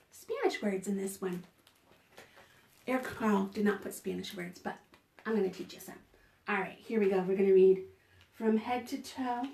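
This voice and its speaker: A high-voiced woman librarian reads picture books to little ones at a slow, careful pace, animated and encouraging. She keeps inviting the children to join in. The sound is roomy, with a noticeable echo around her. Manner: animated and encouraging, with gasps of surprise and prompts to join in. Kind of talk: online storytime reading picture books to children.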